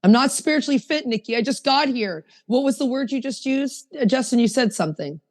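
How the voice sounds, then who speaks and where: Woman podcast host, emphatic and lively, reads bits from the book, echoey long reverb. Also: high voice, a little fast. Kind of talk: recovery podcast discussion.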